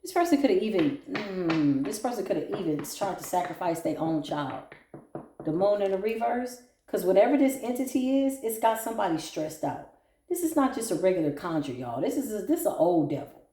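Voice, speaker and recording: A woman's voice: mid-range voice, warm tone, slight background noise. A woman giving a blunt, profane tarot reading, mocking her targets and breaking into laughter. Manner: bursts into laughter. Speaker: tarot reader. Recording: roomy echo.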